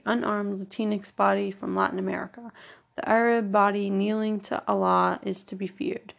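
Narrating her memoir in the first person, this woman speaks at a typical middle pitch with constant vocal fry giving it a gravelly edge. She remains earnest and measured throughout, leaning on every item when she lists things.

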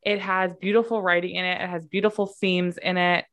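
Bright-toned woman, emphatic and profane. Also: lowish voice, level tone, brisk. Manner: emphatic, profane, repeats words for effect. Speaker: podcast co-host. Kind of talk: casual chat.

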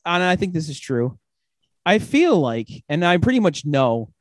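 A man with a high, lively voice that swings all over the place, talking loosely and a bit slurred in casual drunk chat. He swears freely and keeps breaking into laughter. The sound is dry and close to the mic. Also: moderate pace, no room sound. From United States. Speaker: podcast host.

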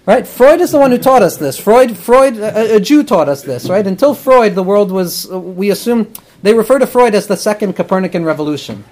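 A man's voice: sits high, expressive, a little fast, a little mellow. A man teaching as a rabbi and therapist, earnest and explanatory, weaving Hebrew terms into his talk.

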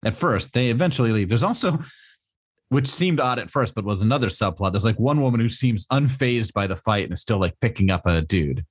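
A man's voice: on the low side, animated, fairly quick. A man co-hosting a podcast, rambling casually about comics with plenty of fillers and frequent laughter. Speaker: podcast co-host.

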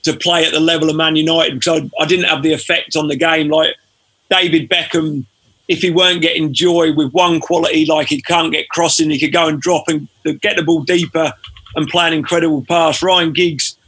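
A man, a former footballer telling stories as a podcast guest in a relaxed way. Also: fairly high pitch, brisk, breathy edge. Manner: relaxed storytelling, frequent fillers. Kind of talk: casual podcast interview.

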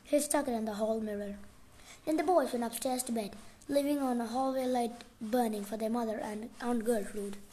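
A woman's voice: a little high, normal speed, dark tone, a little hiss or hum. A woman reading a novel aloud casually, sometimes stumbling and restarting words. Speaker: reader.

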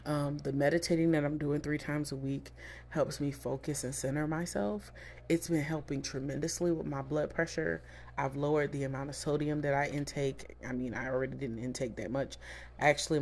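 A woman's voice: very deep voice, darkish tone, a little hiss or hum. Candid chatty woman podcaster. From South Florida. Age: 30s. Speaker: podcast host. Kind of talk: casual solo podcast monologue.

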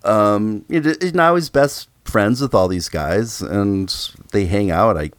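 Slow-talking low-voiced man. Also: no room sound. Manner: slow, agreeable, trailing off. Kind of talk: casual film discussion.

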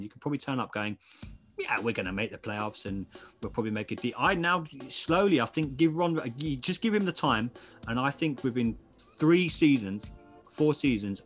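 Chatty enthusiastic man on a podcast. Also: mid-range voice. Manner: enthusiastic, chatty, restarts often. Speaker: podcast guest. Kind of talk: casual podcast chat.

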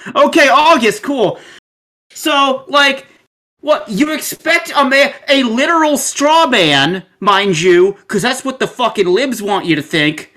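Bright, excitable woman co-host. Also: high-pitched, unhurried. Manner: excitable, ranting, swears a lot. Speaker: podcast co-host. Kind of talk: casual podcast chat.

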